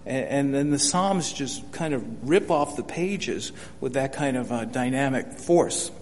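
A man's voice: mid-range voice, expressive, measured pace. An older man teaching a Bible study in a folksy, conversational way, often repeating words and acting out the lines he quotes. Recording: reverberant hall with faint hum.

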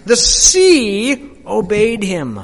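A man preacher performing a first-person dramatic monologue, animated storytelling that swings from hushed to loud. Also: high voice, extremely slow. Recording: long hall reverb.

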